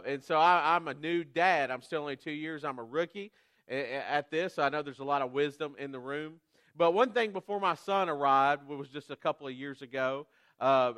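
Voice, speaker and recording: Man preaching a lively sermon, fairly high voice, smooth resonant tone, dry close sound, animated storytelling. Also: no echo. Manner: animated storytelling, rising to near shouts at climaxes; self-deprecating and conversational, with frequent restarts. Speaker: guest preacher.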